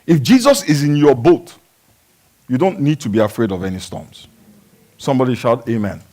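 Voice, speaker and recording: A male pastor preaches in a sing-song, mid-range voice at normal speed, swinging between shouted exclamations and quiet teaching while calling on the congregation to respond.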